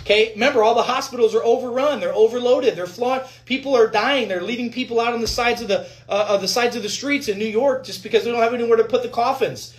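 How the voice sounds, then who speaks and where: Speaking at a medium pitch and a quick pace with few pauses, the doctor tears into news articles in a heated rant aimed straight at viewers. Points get driven home over and over, with plenty of swearing.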